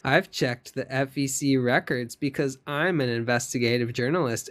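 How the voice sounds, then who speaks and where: A man's voice: medium pitch, natural voice. A man voicing a combative woman commentator in a comedic dramatic reading, defiant and mocking, repeating her insults.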